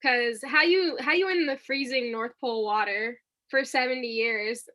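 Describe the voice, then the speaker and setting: A young woman with a fairly high, bright, forceful voice co-hosts a podcast. She talks in casual slang and laughs often. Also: moderate pace. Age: young adult. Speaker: podcast co-host. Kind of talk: casual chat.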